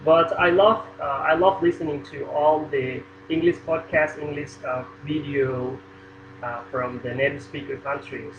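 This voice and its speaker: A man's voice: on the high side, steady tone. Brief: young man, Indonesian accent, hesitant student on a video call, roomy room, muffled sound. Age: young adult. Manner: halting, with many fillers and restarts. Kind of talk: casual video call chat. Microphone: computer or phone mic on a video call. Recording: roomy, dull sound with air conditioning hum.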